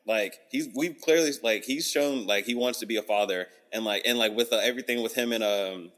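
Male podcast co-host, low register, loose slangy banter. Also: brisk, a bit bright, big-room sound. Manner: loose, slangy, swearing, lots of "like". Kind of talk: casual chat.

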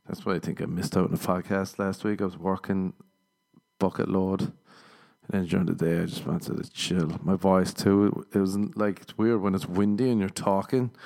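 Deep and mellow, this man's voice carries a loose solo podcast chat. He's a comedian and host who rambles, mocks himself, and curses a lot.

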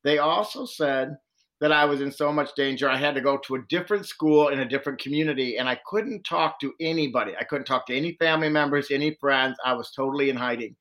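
Speaking quickly in a medium pitch, this man, a social worker who trains on domestic violence, recounts a long personal experience during an interview. He earnestly performs the quoted words of the people he encountered.

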